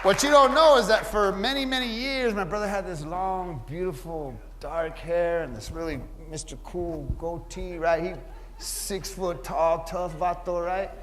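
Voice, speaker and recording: High-voiced man telling a stand-up story. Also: fairly even intonation, unhurried, fairly bright tone. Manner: conversational, keeps asking "right?". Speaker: stand-up comedian. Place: indoor venue with a live audience. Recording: live room with noisy crowd.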